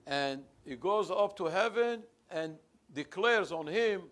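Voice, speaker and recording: Rabbi guy giving a sermon in shul, fairly high voice, tells stories and translates hebrew quotes as he goes. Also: takes it slowly. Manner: animated storyteller, voice rising and falling. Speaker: visiting rabbi. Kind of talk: sermon with storytelling. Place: synagogue.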